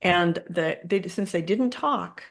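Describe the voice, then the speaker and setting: A woman's voice: on the low side, takes it slowly, creaky. An older woman, a co-parenting mediator, telling stories from her practice in a casual interview and acting out what her clients said. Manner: animated, acts out quotes of clients. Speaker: guest expert, co-parenting mediator.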